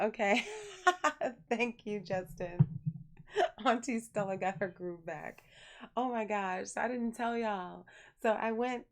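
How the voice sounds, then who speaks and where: Chatty young woman streamer. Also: medium pitch. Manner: chatty, animated storyteller who reads viewer messages aloud. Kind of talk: casual live-stream chat.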